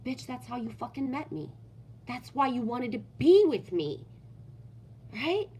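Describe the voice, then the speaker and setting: A woman's voice: a little high, big pitch swings, measured pace, mellow, slight background noise. A woman hosting a casual livestream, reading viewer comments aloud and ranting animatedly with constant swearing. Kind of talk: casual unscripted livestream chat.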